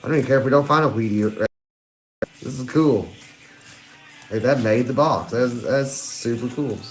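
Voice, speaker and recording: A man, hosting a live stream and chatting excitedly with viewers. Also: medium pitch, normal speed, faint music behind. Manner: excitable, giddy, chats to viewers. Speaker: livestream host hunting coins. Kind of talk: casual live-stream chat.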